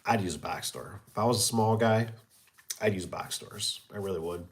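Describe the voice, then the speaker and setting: A man's voice: fairly low pitch, moderate pace. A middle-aged man who runs a garage door business, chatting casually in a rambling, folksy way with many fillers. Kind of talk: casual chat.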